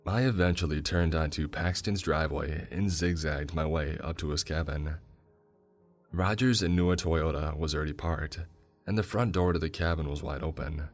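A man with a very deep voice narrates a first-person horror story in a measured, steady way. Faint music plays underneath.

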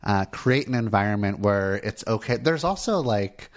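A man's voice: on the low side, lively intonation, normal speed. A man co-hosting a podcast in casual chat, talking candidly and rambling with many fillers. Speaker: podcast co-host, therapist.

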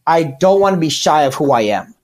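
A man's voice: fairly high pitch, very animated, brisk. A man who works as a comedian, talking as a podcast guest in a rambling, candid way and correcting himself as he goes. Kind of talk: casual podcast chat.

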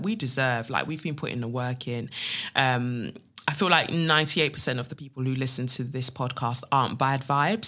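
A woman's voice: very deep voice, fairly bright tone. A woman hosts a casual podcast from her living room, chatting playfully and reading tarot with spiritual asides. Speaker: podcast host.

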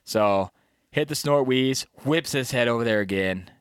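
A man telling a hunting story in casual slang, animated, often adding "you know what I mean" and acting out the deer's thoughts. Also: medium pitch, moderate pace, smooth, no echo, clean studio sound. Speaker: bowhunter recounting a hunt. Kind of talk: casual chat.

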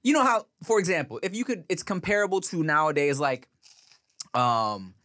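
A man co-hosting a relaxed podcast conversation, his voice moving through a lively, wide-ranging pitch. He keeps dropping into exaggerated slang impressions. The sound is close and dry. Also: normal speed, no room sound. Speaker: podcast co-host. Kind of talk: casual chat.

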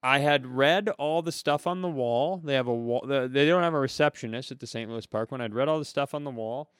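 A man's voice: medium pitch, brisk, clear, resonant tone, no room sound, clean studio sound. A man with an Upper Midwest American accent co-hosting a comedy podcast, rambling through a story in casual chat and acting out other people's lines. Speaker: podcast co-host.

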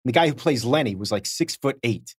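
A man's voice: medium pitch, expressive, a little fast, slightly rough, no room sound, studio quality. A middle-aged man co-hosting a podcast, chatting casually and telling self-deprecating anecdotes while acting out the people in them. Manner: self-deprecating storyteller, acts out quoted voices. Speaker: podcast co-host.

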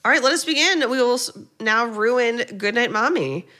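A woman's voice: fairly high pitch, lively intonation, moderate pace, sharp tone. A woman co-hosting a podcast, recapping a movie in a playful, rambling way with jokey asides. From United States. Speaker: podcast co-host. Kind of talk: casual comedic movie recap.

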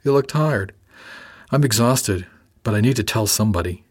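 A man's voice: lowish voice, husky, dry recording, clean studio sound. A man doing an elated, worn-out woman mate. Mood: excited. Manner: excited, quick.

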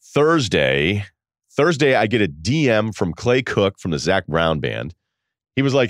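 Deep-voiced, lively male podcast host. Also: a little slow, dry recording, clean studio sound. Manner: animated, laughing, quotes people in voices. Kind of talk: casual storytelling.

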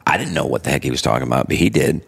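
A man in casual chat, telling stories with frequent laughter and quick impressions of the people he describes. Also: rumbling low, animated, creaky, breathy edge. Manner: storytelling, laughs often, imitates people he quotes.

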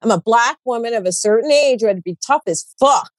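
A woman in her forties in a casual podcast conversation, animated, blunt and emphatic, and she swears freely. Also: fairly high pitch, fast, dry recording. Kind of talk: casual chat.

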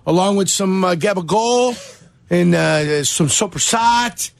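A man's voice: high voice, lively intonation, unhurried, gravelly, no echo, studio quality. A man co-hosting a sports talk radio show, ribbing his partner with mock outrage.

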